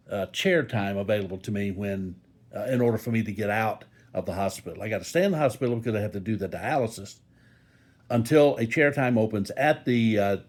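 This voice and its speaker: Older male vlogger, low husky voice, animated, folksy rambling from a hospital bed. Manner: rambling, folksy, joking asides. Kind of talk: casual talk to camera. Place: hospital room.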